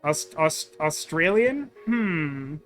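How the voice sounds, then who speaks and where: A man's voice: a little high, sing-song, drawn-out words, a bit bright, faint music behind. A man streaming a game, chatting with viewers in a rambling, self-deprecating way. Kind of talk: casual game commentary.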